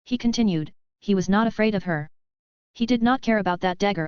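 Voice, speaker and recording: A woman narrating a story in an even, steady reading voice. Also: medium pitch, fairly quick, smooth, no room sound, muffled recording. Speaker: audiobook narrator. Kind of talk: scripted narration.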